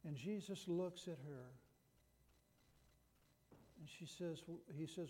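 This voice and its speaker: Slow and husky, with a dark tone and a voice on the high side, a pastor retells a Bible story from the pulpit. He speaks conversationally, restarting often, in a space with long hall reverb.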